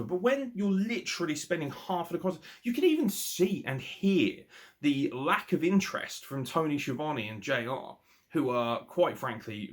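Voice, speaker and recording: A man hosting a wrestling review podcast, talking in a casual, opinionated way with lots of swearing and mocking asides. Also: a little high. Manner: animated, sweary, mocking impressions.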